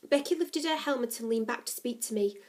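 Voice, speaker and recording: A woman reading a novel aloud, narrating the story in a steady, expressive way. Her voice sits a little on the high side. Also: brisk. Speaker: story reader.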